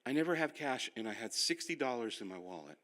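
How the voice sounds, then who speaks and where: An older male pastor teaches a finance class in an animated preaching style, full of self-deprecating stories. His voice is bright and forceful and sits at an ordinary pitch for a man. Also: fast talker.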